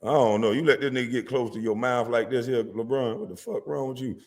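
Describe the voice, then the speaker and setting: A man delivering a profane, mocking comedic rant as a vlogger, sometimes breaking into shouts. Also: medium pitch, a little fast, big-room sound. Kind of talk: comedic rant reacting to sports media.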